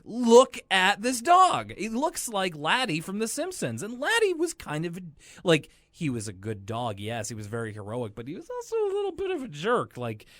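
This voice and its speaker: A man co-hosting a podcast, recapping a cartoon in casual, animated chat with sarcastic asides. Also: medium pitch, dry recording. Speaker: podcast co-host.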